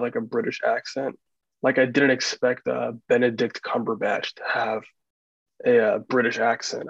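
A man with an East Coast American accent chatting casually on a podcast, relaxed and musing with lots of fillers. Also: medium pitch, creaky, breathy edge, dry recording. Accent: Eastern US, Washington D.C. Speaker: podcast host. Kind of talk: casual chat. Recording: dull lo-fi sound.

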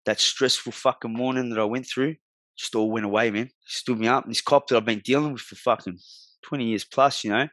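A man's voice: mid-range voice, steady tone, a little fast, a bit bright, no room sound. An Australian man in his forties, a guest telling his life story bluntly in slangy, swear-heavy talk. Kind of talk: candid storytelling in a podcast interview.

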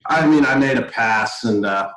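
A young man co-hosting a podcast, telling stories in a lively, easygoing way and laughing easily. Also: mid-range voice, normal speed. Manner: animated storytelling, laughs easily. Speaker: podcast co-host. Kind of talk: casual sports chat. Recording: roomy echo.

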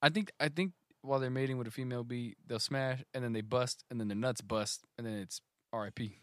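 A man's voice: medium pitch, brisk, no echo. A man co-hosting a podcast in casual chat, reacting with slang and laughter. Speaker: podcast co-host.

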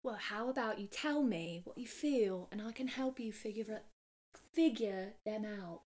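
A woman's voice: mid-range voice, normal speed, a little mellow, lightly acted. A woman reading the part of a caring young male best friend aloud from fan fiction, playful and giggly. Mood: gentle.

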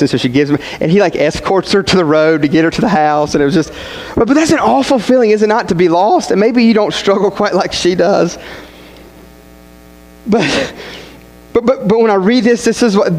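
Young male student pastor, folksy rambling sermon delivery, slightly high-pitched. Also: expressive, moderate pace, low-quality recording. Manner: rambling, self-interrupting, folksy. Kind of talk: sermon with personal stories.

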